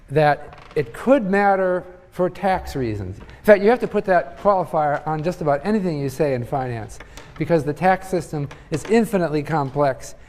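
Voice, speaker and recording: In a large lecture hall with long reverb, an older man who teaches economics delivers a casual, conversational lecture. His voice sits on the high side and sounds a little mellow, and he works through ideas aloud with many fillers and restarts.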